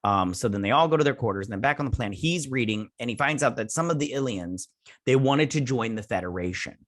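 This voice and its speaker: A review channel host with an expressive, mid-range voice talks fast in a dry, clean studio recording. He recaps an episode casually and ramblingly, hesitating with lots of filler words and restarts, and occasionally does playful character voices.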